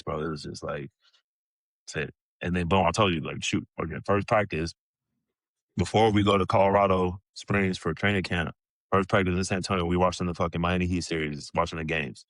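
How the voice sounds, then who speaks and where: Brief: thirties male guest, deep low register, loose profane storyteller, dead-dry close mic. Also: little pitch movement, a little fast, a bit bright, no echo. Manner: laid-back, swears freely, chuckles often. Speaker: podcast guest, retired pro basketball player. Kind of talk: casual storytelling interview.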